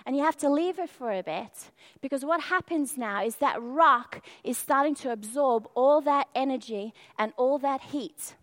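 Speaking at a moderate pace with hardly any pauses, this woman's high, fairly bright voice carries a heartfelt sermon story. She acts out the quoted voices with mounting intensity, and the scene begins with a perfume lamp demonstration.

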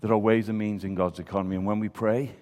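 A man delivers a sermon in a lowish voice, telling a story and acting out the voices of the people in it. The long reverb of a large church hall surrounds every word. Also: level tone, quick pace, a little mellow. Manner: storytelling, acts out quoted voices. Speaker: preacher.

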